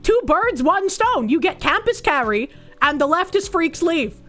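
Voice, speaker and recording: A woman's voice: very high-pitched, very animated, a little slow, fairly bright tone, faint music behind. A woman giving casual, opinionated commentary on the news, sarcastic and blunt with plenty of swearing and frequent laughter. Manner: laughs often.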